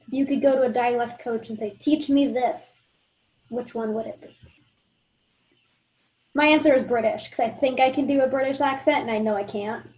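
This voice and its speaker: A woman's voice: fairly high pitch, moderate pace, pauses often, a little mellow, low-quality recording. A woman hosting a casual video call chat, chatty and self-deprecating. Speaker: host.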